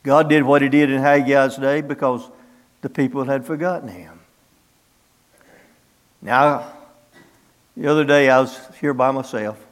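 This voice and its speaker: A middle-aged man with a medium-pitched voice preaches a sermon in a folksy, storytelling style. He acts out biblical dialogue using plain country speech.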